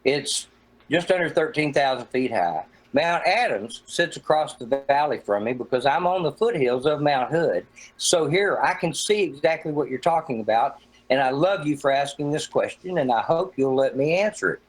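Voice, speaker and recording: A man's voice: on the high side, lively intonation, moderate pace, poor audio. A middle-aged man from Oregon, talking in a profane, combative and rambling way as a guest in a casual debate chat. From Oregon, USA. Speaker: flat-earth guest in a debate hangout.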